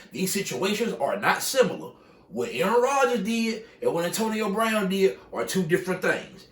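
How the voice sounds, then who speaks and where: A man's voice: sits high, echoey room, far from the mic. A man giving a casual, heated sports opinion rant, swearing freely and repeating himself for emphasis. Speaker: sports commentator.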